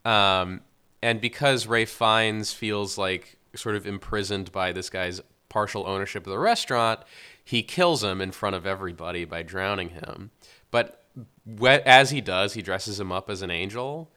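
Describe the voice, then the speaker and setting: Smooth, low-pitched young man recapping a film. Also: normal speed. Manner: relaxed storytelling, many fillers. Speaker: podcast co-host. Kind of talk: casual film review chat.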